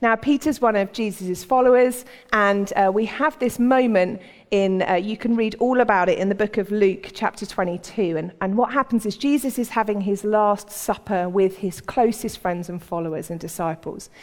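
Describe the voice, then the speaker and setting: A woman preacher gives a sermon in a conversational, storytelling style, acting out the voices in her stories. Her voice is mid-range, her pace moderate, and a long hall reverb hangs over the recording.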